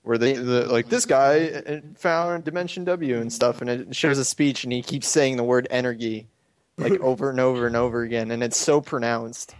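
A man's voice: mid-range voice, fairly even intonation, normal speed. A man co-hosting a casual group chat, easygoing and full of fillers. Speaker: podcast co-host.

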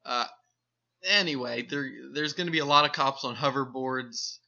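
A man co-hosting a podcast in loose, joking chat, rambling and trailing off while he hunts for words. His voice is very bright and forceful. The recording sounds dull and lo-fi. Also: mid-range voice, normal speed. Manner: rambling, jokey, searches for words. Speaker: podcast co-host.

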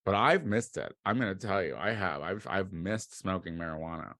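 A man's voice: sits low, animated, normal speed, no room sound, studio quality. Rambling, profane American man. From United States. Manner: rambling and profane, with sudden loud outbursts. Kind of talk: casual comedic monologue.

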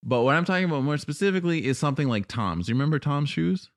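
A man in casual podcast talk, explaining his point in a measured way and walking through examples with some fillers. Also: a little high, animated, no room sound, studio quality. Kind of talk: casual chat.

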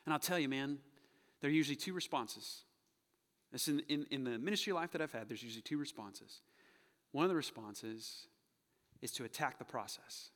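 Animated male pastor in a reverberant hall. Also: on the high side, fairly quick. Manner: animated preaching, acting out quoted voices, dropping to soft hushed moments. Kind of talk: sermon. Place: church sanctuary.

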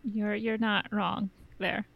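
A woman co-hosting a podcast, talking in a relaxed, casual way and swearing now and then. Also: mid-range voice, slow pace, gravelly, dry recording, narrow, tinny audio. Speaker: podcast co-host.

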